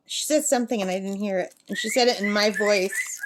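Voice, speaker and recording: Over background noise, a middle-aged craft vlogger speaks briskly in a mid-range voice. Crafting at a campsite, she chats casually, calls out number codes, and coos at her pet bird.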